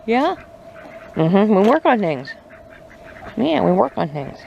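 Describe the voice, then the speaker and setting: This farm vlogger speaks slowly in a creaky, very animated, medium-pitched voice, teasing her animals with playful baby talk as she chats casually. She's outdoors among poultry, and the noisy, dull-sounding audio picks up clucking hens and crowing roosters.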